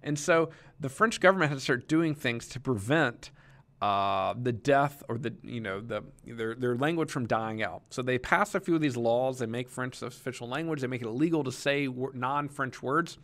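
A young male teacher explains his subject in a relaxed, conversational lecture. His voice sits at an ordinary middle pitch, and he often stops with fillers and restarts his sentences as he works through each point. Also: normal speed. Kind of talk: recorded classroom lecture.

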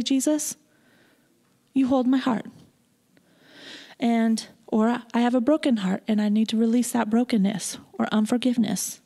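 A woman minister preaching in church in an animated, emotional way. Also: high voice. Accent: Pacific Northwest American. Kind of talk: sermon.

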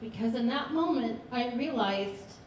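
A woman's voice: on the high side, animated, measured pace, a little hiss or hum. A woman performing a live stand-up comedy set, telling stories in a chatty, dry way. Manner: chatty, dry storytelling delivery. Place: comedy theater stage with audience. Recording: echoey theater, distant mic, loud crowd laughter. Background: audience laughter.

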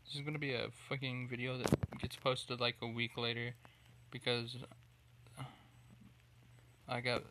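A man's voice: mid-range voice, level tone, unhurried, long pauses, bright, forceful tone, slight background noise, low-quality recording. A man giving casual gameplay commentary, irritated, cursing and rambling as he plays. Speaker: gamer playing a survival game.

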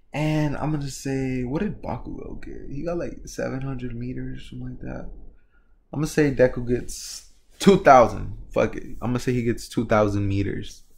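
A man's voice: mid-range voice, creaky, darkish tone, a little hiss or hum. A young man casually retelling a fan story, rambling and often filling with "like" and "you know". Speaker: video creator.

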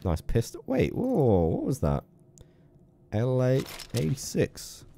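A man's voice: mid-range voice, huge pitch swings, slow, vocal fry, background noise. A young man giving playful live gameplay commentary, chatting to his viewers and scolding an in-game character. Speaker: game streamer.

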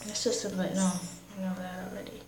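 A woman's voice: on the low side, level tone, fairly quick, a little mellow, roomy sound, faint music behind, poor audio. A woman giving casual commentary on a life-simulation game, rambling and slangy as she talks to herself and her viewers. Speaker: gamer.

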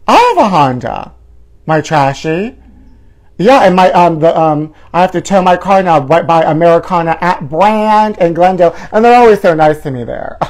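A man's voice: high-pitched, a little mellow. A man playing a flamboyant, self-adoring male gossip show host, rambling dramatically with sighs and groans in a campy comedic monologue. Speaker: parody talk-show host.

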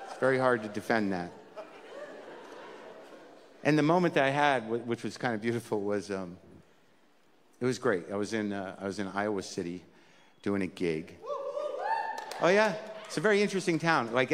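A man's voice: mid-range voice, in a large hall, background noise. A man performing a stand-up comedy set, talking conversationally and ranting in mock exasperation.

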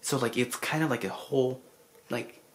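A vlogger casually recapping a film in an effusive, rambling way, full of restarts and asides, clearly moved by the story. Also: mid-range voice, normal speed. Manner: emotional about the story.

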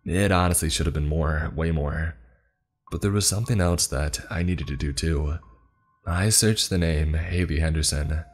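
Male horror narrator, very low voice, measured, somber, first-person, soft music behind. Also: fairly even intonation.

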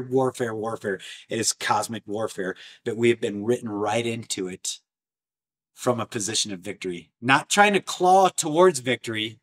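A man preaching an impassioned sermon, animated and emphatic, swinging between loud bursts and low, intense passages with lots of repetition. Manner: repetitive, rhetorical, martial imagery.

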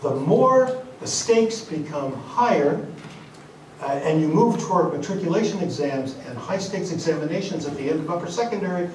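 Male conference lecturer, slightly high voice, deliberate delivery with fillers, recorded from a distance in a reverberant hall. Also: lively intonation, darkish tone, a little hiss or hum. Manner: deliberate, with frequent fillers and restarts. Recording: echoey hall, mic at a distance, faint ambience.

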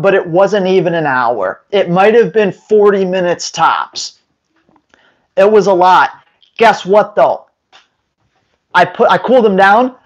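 Male dog trainer, emphatic advice to camera, unhurried delivery, slightly dull lo-fi sound. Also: high voice. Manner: emphatic, acts out owners and dogs in quick voices.

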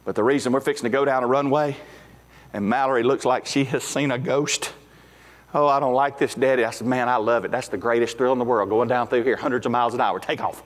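A man's voice: medium pitch, steady tone, quick pace. A man, preaching a sermon as pastor in a folksy, emphatic way. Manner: folksy, emphatic, rising to shouts at climaxes. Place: church sanctuary. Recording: echoey hall with faint music.

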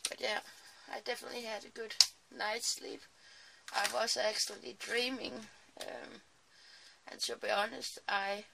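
This is a crafting vlogger's voice, mid-range and creaky, heard over a noisy background. She's sleepy in the early morning, chatting casually while crafting in her small home craft room, rambling with apologetic asides.

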